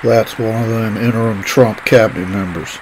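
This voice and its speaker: A man plays an older male senate leader in a comedy sketch, dry and drawling. His voice sits low, and he talks in an even, unhurried way. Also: a little hiss or hum, lightly acted, low-quality recording.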